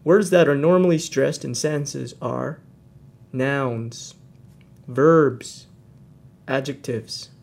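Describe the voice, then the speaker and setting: A man narrating an English lesson recording, giving instructions in a measured, instructional way. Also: mid-range voice, creaky, darkish tone. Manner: slow, measured instructional delivery. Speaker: narrator of a language course.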